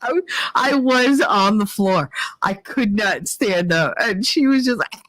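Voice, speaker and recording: A woman's voice: mid-range voice, lively intonation, measured pace, a bit bright, no echo. Middle-aged woman streamer, playful, teasing, laughing often, dry close mic. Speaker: livestream host. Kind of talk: casual chat with live chat.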